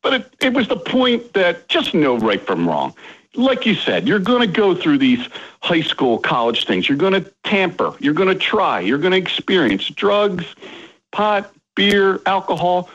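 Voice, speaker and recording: Lively, slightly husky middle-aged bar owner, storyteller, dull lo-fi recording. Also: male voice, high-pitched, a little slow. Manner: animated storyteller, voices his kids. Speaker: dive bar owner, guest. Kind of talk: casual podcast chat.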